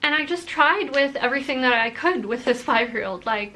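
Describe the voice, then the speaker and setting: A woman vlogger telling personal stories to camera in a casual, animated way, laughing now and then. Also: high-pitched, fairly quick. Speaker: language-learning vlogger.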